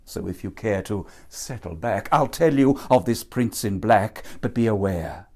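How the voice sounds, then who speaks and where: A man's voice: on the low side, animated, unhurried, warm tone. A man narrating a rhyming storybook in a playful, theatrical manner.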